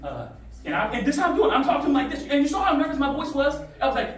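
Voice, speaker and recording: A man giving a motivational talk to students, telling stories in a lively call-and-response way. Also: very high-pitched, rapid-fire, a little hiss or hum. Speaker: motivational speaker. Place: school classroom. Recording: echoey room from far off.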